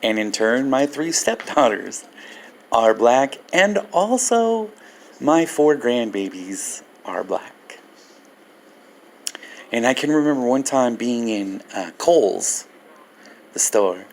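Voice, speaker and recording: An older man telling a personal story in a vlog, animated and laughing as he goes. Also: mid-range voice, slow, pauses often, slight background noise. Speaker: Christian ministry vlogger.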